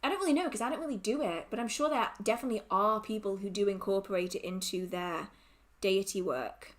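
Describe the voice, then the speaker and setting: A woman's voice: medium pitch, quick pace. A woman hosting a casual livestream Q&A, reading out viewer questions and answering them in a giggly, rambling, emotional way.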